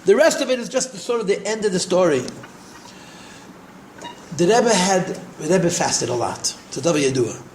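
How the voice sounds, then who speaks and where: An older man, a rabbi, telling stories in a repetitive, animated way and sprinkling in Yiddish and Hebrew terms. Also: sits high, normal speed, long pauses, a little hiss or hum. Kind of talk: storytelling talk. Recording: echoey room.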